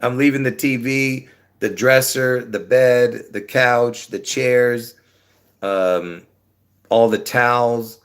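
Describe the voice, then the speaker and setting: A man's voice: medium pitch, fairly even intonation, takes it slowly, a bit bright, smooth. A man rambling casually to his viewers on a livestream from his apartment, trailing off with many fillers. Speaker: livestream host.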